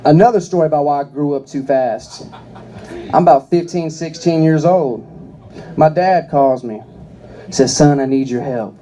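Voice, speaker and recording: A young man doing stand-up, telling stories in a profane, deadpan, conversational way. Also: a little high, a little slow, long pauses. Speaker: stand-up comedian. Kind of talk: stand-up comedy storytelling.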